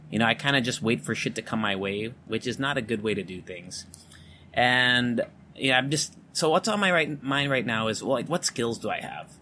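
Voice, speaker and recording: Guy hosting his podcast from home, neutral american accent, mid pitch, rambly and sweary. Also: fairly bright tone, slight background noise. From Philippines. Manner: candid, rambling, swears freely. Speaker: podcast host. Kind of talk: casual solo podcast monologue. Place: home room with electric fan running. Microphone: studio condenser mic.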